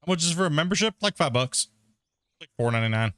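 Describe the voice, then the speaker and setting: A man's voice: a little high, expressive, fast talker, a bit bright, dry recording. A man streaming a game live, bantering and teasing with viewers and teammates in a joking way. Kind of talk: live gameplay chat with viewers.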